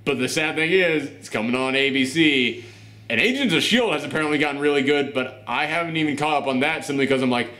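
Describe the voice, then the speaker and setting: A man's voice: on the high side, fast, pushed and bright. A man hosting a casual TV review who jokes and acts out scenes in little voices as he talks. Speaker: review show host. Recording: roomy echo.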